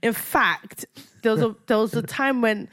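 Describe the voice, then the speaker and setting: A woman's voice: fairly high pitch, moderate pace, fairly bright tone, no echo, clean studio sound. A woman co-hosting a parenting podcast, chatting casually and often drifting into tangents. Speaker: podcast co-host, mother. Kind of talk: casual chat.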